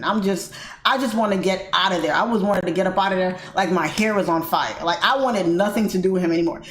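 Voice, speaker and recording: An American woman hosting a livestream, casually telling a story to her viewers in an animated way, laughing often and calling them guys. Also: mid-range voice. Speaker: livestream host. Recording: echoey room with faint noise.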